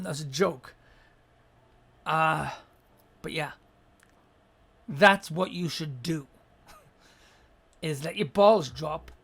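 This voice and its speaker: A woman hosting an advice show, giving blunt, profane advice and acting out quick mock scenes along the way. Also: mid-range voice, fairly bright tone. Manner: acts out little scenes in quick mock voices. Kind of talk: casual advice rant.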